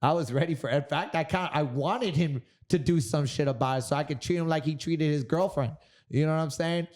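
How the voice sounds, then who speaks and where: A man in his thirties from Miami, a guest telling stories in a casual interview, animated and profane. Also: fairly high pitch, brisk. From Miami, Florida. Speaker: guest kickboxer.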